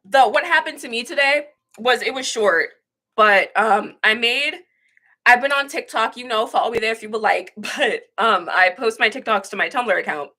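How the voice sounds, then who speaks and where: A young woman with a bright, forceful, fairly high voice hosts a casual livestream. She rants candidly and swears freely, rambling and restarting her sentences as she goes. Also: normal speed. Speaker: livestream host.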